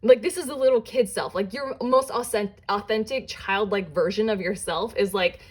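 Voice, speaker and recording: A woman's voice: mid-range voice, breathy edge. Chatty woman rambling through a tarot reading. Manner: chatty and rambling, with many "like" fillers and self-interruptions; breaks into quick giggles and playful put-on voices. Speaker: tarot reader. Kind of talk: casual pick-a-card tarot reading.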